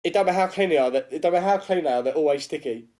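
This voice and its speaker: A man's voice: a little high, rapid-fire, darkish tone. A British man co-hosting a comedy podcast, joking and spinning silly scenarios. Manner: jokey, spins silly scenarios. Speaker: podcast co-host. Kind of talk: casual comedy podcast chat.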